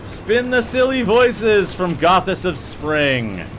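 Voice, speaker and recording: A male streamer chatting with his viewers while he plays, joking and cursing in a loose, easy way. His voice sits a little high. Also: big pitch swings, takes it slowly, a bit bright, soft background music. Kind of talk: livestream gaming banter.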